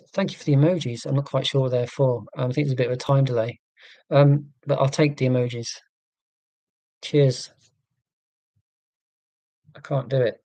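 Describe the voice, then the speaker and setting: A man's voice: medium pitch, a little mellow, no echo. A man from England hosting a live stream, chatting in a rambling, self-deprecating, joking way. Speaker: livestream host.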